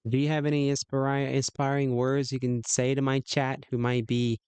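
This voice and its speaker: A man's voice: mid-range voice, flat delivery, moderate pace, darkish tone, clear, resonant tone, no echo. A man hosting a livestream, chatting casually, rambling with lots of fillers and laughs. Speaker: livestream host.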